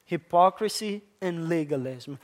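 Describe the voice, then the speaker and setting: At a measured pace and medium pitch, a preacher gives a sermon full of emphasis. Key words get stressed and repeated, and the congregation, called church, is asked questions directly.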